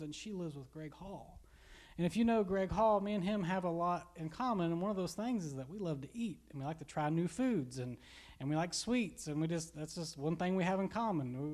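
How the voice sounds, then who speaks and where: A man's voice: sits high, a little mellow. A pastor giving a casual, conversational sermon, rambling a little and repeating words as he goes. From Kentucky. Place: church.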